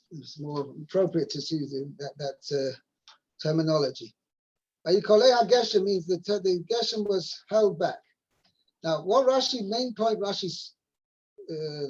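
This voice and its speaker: A man's voice: sits high, a little mellow, breathy edge. Man teaching Torah over a muffled call. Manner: halting, with many fillers and restarts, quoting Hebrew verses. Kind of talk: explaining a weekly Torah text. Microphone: video call. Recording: muffled video call audio.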